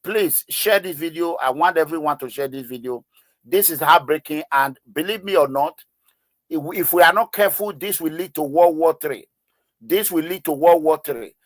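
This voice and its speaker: A man's voice: fairly high pitch, moderate pace, no echo. A man giving emotional news commentary in an impassioned, pleading way, with many fillers and repeats.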